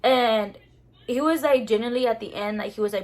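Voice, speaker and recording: A young woman telling a story to her viewers in a casual, animated, slangy way, full of swearing. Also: a little high, a little fast. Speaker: vlogger.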